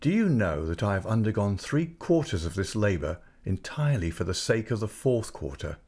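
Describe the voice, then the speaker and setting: Man doing an earnest, tender young gentleman. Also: fairly low pitch, sing-song, moderate pace. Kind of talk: audiobook character voice.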